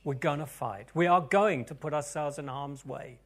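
A man preaching and praying over his congregation, his voice sitting a little above the usual male range. He drops to hushed, breathy whispers, then climbs into loud, fervent proclamations. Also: a little high, normal speed. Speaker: pastor. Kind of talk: sermon and prayer.

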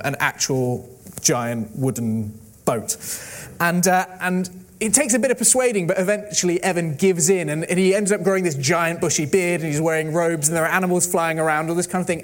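A man preaching, his voice sitting a little higher than most men's. He tells a story with animated delivery and voices the quoted lines in his own plain voice. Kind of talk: sermon.

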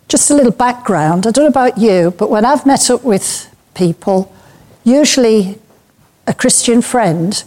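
A woman speaking to a church group, loose and anecdotal, her sentences full of little fillers and easy laughs. Her voice is mellow and warm, sitting at an ordinary middle pitch for a woman. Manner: chatty and anecdotal, with frequent fillers and light laughs. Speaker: speaker at a church breakout session. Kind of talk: informal talk to a church group.

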